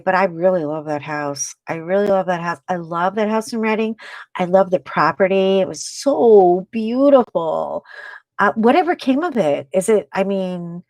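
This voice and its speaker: A woman's voice: medium pitch, no echo. A woman hosting a live stream, chatting casually with viewers while she crafts. She rambles, laughs often and trails off mid-sentence. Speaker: livestream host.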